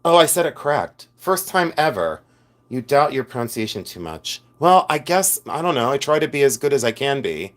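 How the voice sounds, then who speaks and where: A man's voice: medium pitch, big pitch swings, normal speed, a bit bright. Chatty middle-aged man from Ohio. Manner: chatty storyteller, laughs often, reads viewer comments aloud. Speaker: livestream host and reseller. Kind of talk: casual live-stream chat.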